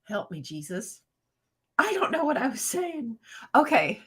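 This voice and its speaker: A woman's voice: fairly high pitch, big pitch swings, measured pace, a bit bright, slightly rough. A woman hosting a live stream, reading a children's Bible storybook aloud and breaking off into sassy, profane asides to her chat. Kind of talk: casual reading with rant commentary to live chat.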